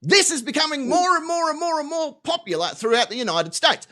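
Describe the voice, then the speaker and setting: Animated man telling a profane story. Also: very high voice. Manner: animated, profane storyteller doing quick voices. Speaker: live show host. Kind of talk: animated storytelling on a live talk show.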